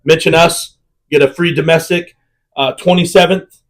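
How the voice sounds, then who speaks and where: A man with a fairly high voice co-hosting a laid-back podcast. He talks in an upbeat, rambling way, with lots of "um" and "uh" as he goes. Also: steady tone, normal speed. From Iowa, United States. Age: adult with children. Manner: upbeat, rambling, many fillers. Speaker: podcast co-host. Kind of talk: casual podcast chat.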